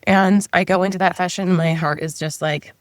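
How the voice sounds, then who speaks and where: A woman's voice: lowish voice, steady tone, normal speed, dry recording. A middle-aged woman, a guest, telling a personal story in a casual, chatty way, often saying 'like' and voicing her own past thoughts aloud.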